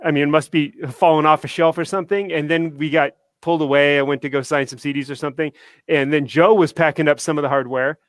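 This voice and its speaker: A man's voice: on the high side, steady tone, fast, no room sound. A man in a band telling a casual story on a webcast, chatty and laughing often. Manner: chatty, laughing, many fillers. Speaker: band member co-hosting a webcast.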